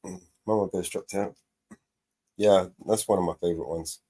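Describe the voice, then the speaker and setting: A man's voice: sits low, steady tone, moderate pace, mellow, breathy edge. A man hosting a live-stream panel in casual chat, laughing often and stumbling over his words. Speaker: panel show host.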